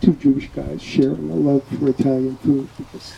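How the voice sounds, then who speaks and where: A man from New York with a New York accent, speaking at a neighbor's funeral, halting and lightly joking. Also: mid-range voice, little pitch movement, creaky, mellow, highs cut off, a little hiss or hum. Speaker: neighbor giving a eulogy.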